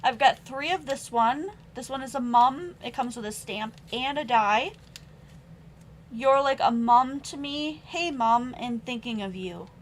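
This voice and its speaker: A woman's voice: fairly high pitch, a little slow, slight background noise, low-quality recording. A young adult woman hosting a live-streamed craft supply sale at home, chatting as she reads out stamp sentiments and prices. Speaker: online craft sale host. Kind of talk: live-stream sales chat.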